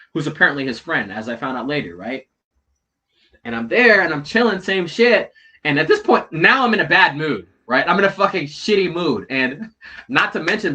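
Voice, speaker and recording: A man with a bright, slightly high voice telling a story in casual chat. He swears freely and keeps checking in with "right?" and "bro". His voice swings from loud, heated retelling to low muttered asides. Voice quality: heavy swearing, slangy, repeats "right?" and "bro".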